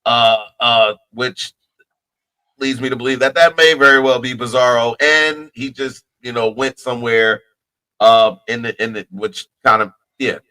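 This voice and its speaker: A man's voice: mid-range voice, fairly even intonation, unhurried, sharp tone, clean tone, rough recording. A man from New Jersey co-hosting a podcast, chatting casually about movies with lots of restarts and repeated words. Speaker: podcast co-host.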